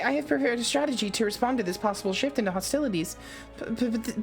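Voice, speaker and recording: A man's voice: high voice, voice pushed up, natural voice. A man voicing a timid, stammering young woman tactician, reading game dialogue with many hesitant ums.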